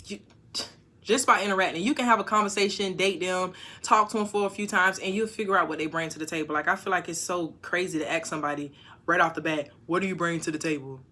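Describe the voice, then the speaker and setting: A woman on a casual livestream, reading viewer comments aloud and answering them frankly, with sudden loud bursts. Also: on the low side, fast talker. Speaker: YouTuber answering live chat. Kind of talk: casual live-stream chat.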